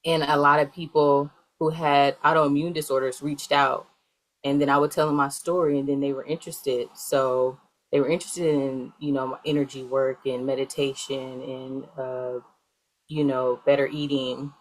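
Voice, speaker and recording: A woman with a notably low, deep voice answers interview questions in a loose, wandering way. She is a young adult and fills her talk with plenty of "um" and "like". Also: flat delivery, moderate pace, poor audio. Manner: rambling, filler-heavy. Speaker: guest, healer.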